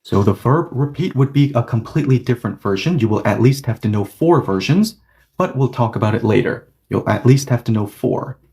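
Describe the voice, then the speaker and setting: Male language teacher, mellow voice, animated delivery, patient and explanatory. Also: medium pitch, fairly quick. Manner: patient, checks understanding often. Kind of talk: online grammar lesson.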